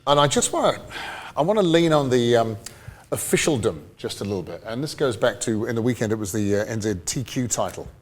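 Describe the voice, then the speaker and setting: Chatty New Zealand podcast co-host. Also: male voice, mid-range voice, lively intonation, a little fast. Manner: chatty, rambling, laughs easily. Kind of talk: casual chat.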